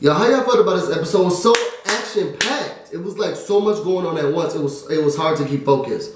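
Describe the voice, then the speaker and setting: A chatty, excitable man with a high voice runs through a TV recap. He fills gaps with "um" and "da, da, da." His voice rings around a bare, echoey room. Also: a little fast, noisy background. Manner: chatty and excitable, drops fillers and "da, da, da". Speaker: TV recap vlogger. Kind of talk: casual recap and review.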